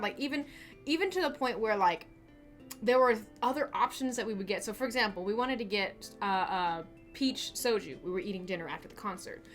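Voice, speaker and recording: A woman's voice: on the high side, fairly bright tone. A woman hosting a casual livestream from a small home studio, chatting in a rambling way with frequent restarts and laughs. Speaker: livestream host. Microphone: desk camera mic.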